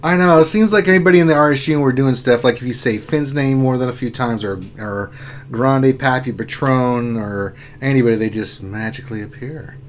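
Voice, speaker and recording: A man's voice: mid-range voice, brisk, a little hiss or hum. A man co-hosting a casual gaming livestream, teasing his co-host and laughing often.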